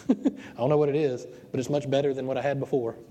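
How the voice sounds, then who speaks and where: A man's voice: medium pitch, fairly even intonation, fast talker, warm tone. A man preaching to a small church congregation, earnest and emotional, often repeating his words as he speaks and then leads a prayer. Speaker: pastor. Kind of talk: sermon and closing prayer.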